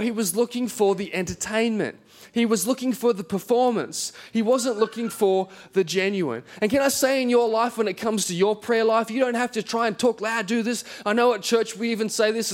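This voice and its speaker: A man, a pastor preaching a conversational sermon in church and telling a story with self-deprecating humor. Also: high-pitched. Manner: conversational, self-deprecating, acts out quoted voices.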